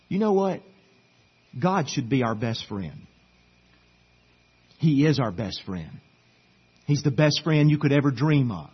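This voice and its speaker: This middle-aged man, pastor of the church, delivers a sermon in the sanctuary, his exhortations earnest, pleading and repeated over and over. He speaks on the high side with a slightly rough voice, captured in dull audio.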